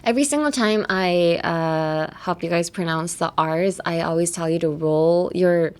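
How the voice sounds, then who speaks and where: A woman hosting a bilingual lesson, explaining English slang and drilling phrases slowly, switching between English and Japanese. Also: fairly low pitch, smooth. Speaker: English teacher and host.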